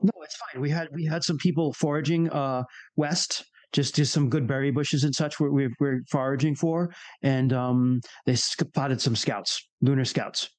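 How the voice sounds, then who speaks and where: Game master voicing a halting, worried woman camp leader. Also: a bass voice, fairly even intonation, a little mellow, dry recording. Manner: halting, repeats words.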